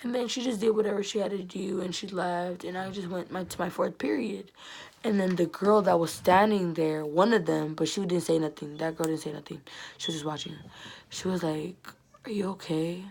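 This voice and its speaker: A woman's voice: lowish voice, fairly even intonation, brisk, gravelly, darkish tone, husky, rough recording. A teenage girl rambling through a casual storytime about her school friends, acting out the quotes. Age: teens. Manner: chatty, rambling, acts out quotes. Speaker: vlogger telling a storytime.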